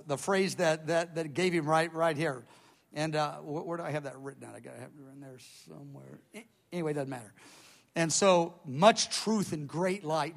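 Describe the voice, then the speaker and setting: Animated storytelling man, fairly high voice. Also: creaky. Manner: animated storyteller, volume rising and dropping, many restarts. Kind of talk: dramatic spoken testimony.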